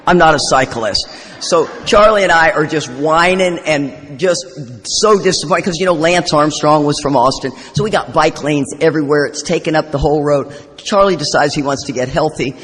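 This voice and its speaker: A woman's voice: deep voice, slight background noise. Rambling, joking woman in a hall. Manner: humorous, self-deprecating, rambling. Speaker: recovery convention speaker. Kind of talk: storytelling recovery talk. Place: convention hall. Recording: live talk in echoey hall.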